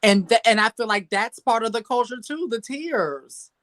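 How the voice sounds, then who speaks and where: A woman co-hosting a casual chat, telling stories in a lively, laughing way. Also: fairly high pitch, moderate pace.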